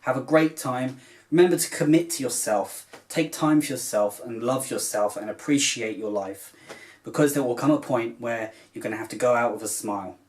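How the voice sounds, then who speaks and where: A man's voice: medium pitch, moderate pace, a little mellow. A man who vlogs about cross stitch talks to camera in a casual, rambling, heartfelt way, with many filler phrases along the way.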